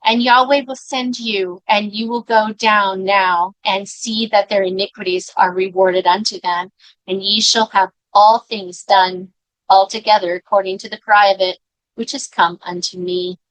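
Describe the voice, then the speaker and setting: A woman reading scripture aloud in a measured way, now and then breaking off for quiet personal comments. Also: medium pitch, steady tone, no room sound, low-quality recording. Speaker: scripture reader.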